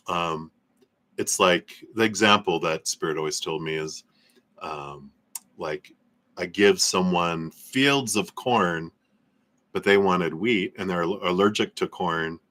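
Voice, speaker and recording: Deep-voiced man rambling through a tarot reading. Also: slow pace, pauses often, fairly bright tone. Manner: loose, rambling, with frequent fillers and laughs. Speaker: tarot reader. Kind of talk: live tarot reading stream.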